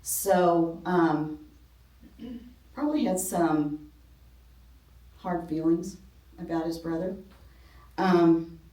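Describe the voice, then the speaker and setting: A middle-aged woman leads a ladies' Bible class in a church classroom, talking informally with many ums and some self-deprecating humor. Her fairly low, mellow voice moves extremely slowly with frequent pauses, and the recording is roomy and distant from the mic.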